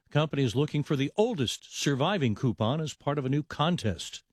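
A man's voice: a little high, expressive, dry recording. Man reading radio news, dry sound. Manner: crisp, measured news delivery. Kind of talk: newscast reading.

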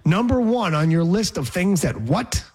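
Husky wisecracking radio co-host. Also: male voice, high voice, expressive, normal speed, darkish tone. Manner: teasing, wisecracking. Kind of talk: casual sports radio banter.

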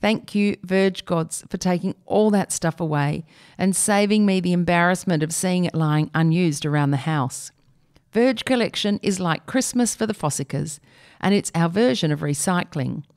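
Wry woman reading a funny column, lowish voice. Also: moderate pace, darkish tone, smooth. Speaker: reader of a column. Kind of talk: reading a humorous column aloud.

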